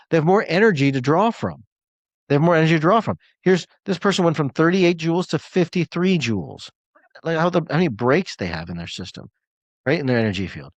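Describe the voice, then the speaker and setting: A man's voice: a little high, no echo. A man in his forties giving a motivational webinar talk. He is emphatic and repeats key words for weight. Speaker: motivational speaker.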